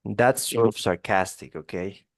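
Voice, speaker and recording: A man's voice: on the low side, unhurried, creaky, no room sound. A man teaching English one to one, explaining grammar casually with many fillers and spoken examples.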